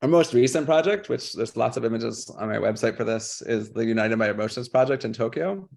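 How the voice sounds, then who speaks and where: A man presenting his public art work on a video call, casual and halting, with many fillers and restarts. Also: medium pitch, gravelly, a little mellow. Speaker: guest artist.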